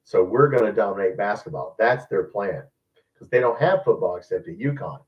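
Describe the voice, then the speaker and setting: A man's voice: on the low side, expressive, fairly quick, distant mic. Man, blunt rambling fan host, a little off-mic, muffled sound. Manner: blunt, rambling, addresses viewers as guys. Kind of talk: live-stream sports commentary, casual rant.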